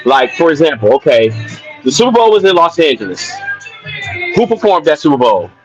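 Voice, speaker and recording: A man's voice: fairly high pitch, sing-song, fairly quick, lo-fi sound, soft background music. A man co-hosting a casual sports podcast over a video call, talking in long, loose, repetitive turns. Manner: laid-back, repeats himself, talks in long winding turns. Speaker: podcast co-host.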